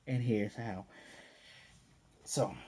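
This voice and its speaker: Male anime reviewer, relaxed and mellow, animated casual recap. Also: fairly low pitch, very slow, slight background noise. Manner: animated retelling, acting out characters' lines.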